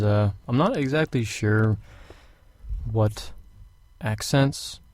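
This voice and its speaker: Young man, home audiobook reader, low flat voice, mellow tone, dry room. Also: no room sound. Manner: casual rambling intro, then steady reading. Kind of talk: amateur audiobook reading.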